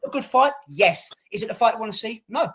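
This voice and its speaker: A man's voice: high voice, lively intonation, quick pace, fairly bright tone, breathy edge. A man co-hosting a casual boxing podcast, ranting and swearing with lots of repetition. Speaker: podcast co-host.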